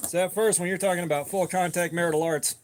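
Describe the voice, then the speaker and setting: A man's voice: high voice, fairly even intonation, fast talker, slight background noise. A man in his forties from Georgia with a fairly neutral American accent, chatting casually and rambling with lots of hesitations. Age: 40s. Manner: rambling, loose, hesitant with fillers. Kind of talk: casual chat.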